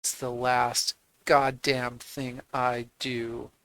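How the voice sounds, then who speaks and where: A man's voice: mid-range voice, flat delivery, extremely slow, a bit bright, poor audio. A man playing a tabletop game, talking emphatically and expressively. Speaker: player. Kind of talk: tabletop role-play.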